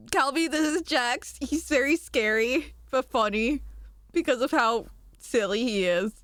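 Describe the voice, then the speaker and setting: A young woman streaming and chatting casually with viewers, giggly and animated. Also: no room sound, clean studio sound. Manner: giggly and animated, quick jumps in pitch. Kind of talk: casual chat reading viewer messages.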